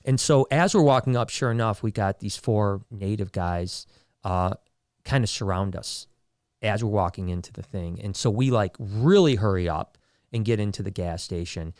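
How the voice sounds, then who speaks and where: A man's voice: fairly low pitch, moderate pace, no room sound, studio quality. A man hosting a podcast, telling a story in a casual way, stumbling over repeated words and acting out the voices of people in it. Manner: animated storyteller with frequent restarts, acting out quoted voices. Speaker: podcast host.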